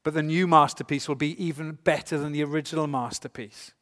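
A man's voice: a little high, fairly even intonation, a little fast, fairly bright tone. A man preaching a sermon to a congregation, emphatic and full of rhetorical questions. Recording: long hall reverb.

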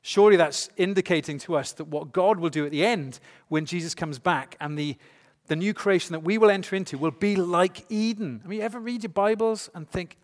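A man's voice: high voice, a little fast. A man preaching a sermon to a congregation, emphatic and full of rhetorical questions. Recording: long hall reverb.

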